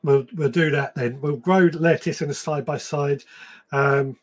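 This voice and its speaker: A man's voice: a little high, steady tone, a little slow. A man hosting a live gardening stream, chatting casually and reading out viewer comments, with frequent ums and restarts. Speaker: podcast host.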